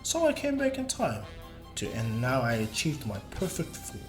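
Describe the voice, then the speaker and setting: A man voicing a cold, boastful male bio-android villain in a slow, low taunting delivery. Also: wildly swooping pitch. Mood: gloating. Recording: echoey room, faint music.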